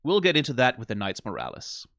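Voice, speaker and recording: A man hosting an anime reaction, talking in casual, animated commentary, often asking "right?" and laughing. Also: medium pitch, fast, no echo, studio quality.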